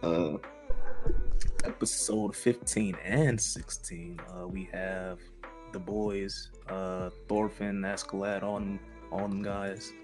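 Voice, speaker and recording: A man's voice: low voice, steady tone, slow, over music. A man casually recapping an anime episode with a co-host, in laid-back slang, laughing often. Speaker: podcast co-host.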